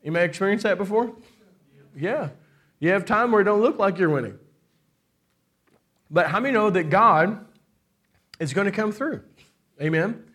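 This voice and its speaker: Male pastor, middle-aged, high bright voice, preaching with lots of call-and-response. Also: expressive, moderate pace, long pauses. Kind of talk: sermon.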